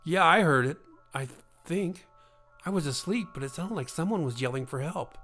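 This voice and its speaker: A man's voice: on the high side, animated, normal speed, soft background music, pitched above the performer's own voice. A man reading the part of a stern husband who has just heard a strange voice. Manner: stern, loud. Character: stern young husband on alert.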